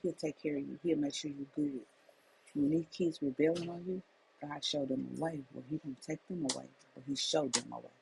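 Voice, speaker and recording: A woman's voice: low voice, fairly even intonation, fairly quick, vocal fry, darkish tone, a little hiss or hum, rough recording. A middle-aged woman, a life coach, telling a personal testimony as a faith message in an emphatic, repetitive storytelling manner.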